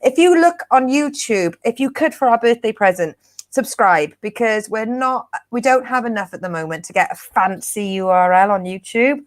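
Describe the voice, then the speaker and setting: A woman's voice: a little high, expressive, moderate pace, dry recording. Woman co-host, bawdy and jokey, dry close sound. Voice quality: bawdy, laughing, sweary banter. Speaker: co-host of a comedy chat show. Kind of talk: casual live-stream chat.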